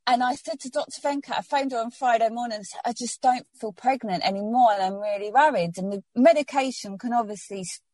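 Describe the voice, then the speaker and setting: A woman's voice: mid-range voice, a little mellow, no room sound. A woman telling her personal story in an interview, heartfelt and rambling with many restarts, getting emotional.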